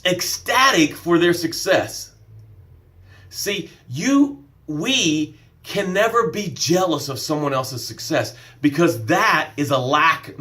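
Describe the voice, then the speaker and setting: A man's voice: fairly high pitch, bright, forceful tone. A man coaching on a live stream, talking energetically and repeating his points, laughing at himself now and then. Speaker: life coach. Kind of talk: live-streamed motivational talk.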